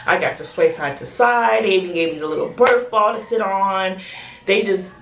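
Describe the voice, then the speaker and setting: Woman, casual chatty storytelling, mid pitch, echoey bathroom. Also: moderate pace. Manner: excited, chatty, acts out quoted voices. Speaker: vlogger telling her birth story. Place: home bathroom.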